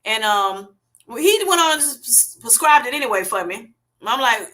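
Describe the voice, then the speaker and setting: A folksy woman with a Southern US accent chats on her livestream and reads viewer comments aloud. Her voice sits a touch high and rings bright and forward. She laughs easily and talks straight to her audience. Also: expressive, moderate pace. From Southern United States. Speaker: livestream host. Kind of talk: casual livestream chat reading viewer comments.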